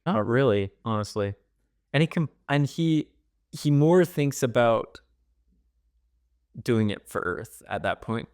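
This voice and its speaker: A man co-hosting a casual podcast about a novel, speaking in a thoughtful, measured way. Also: medium pitch, animated, a little mellow, no room sound, studio quality. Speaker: podcast co-host. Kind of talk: casual book discussion.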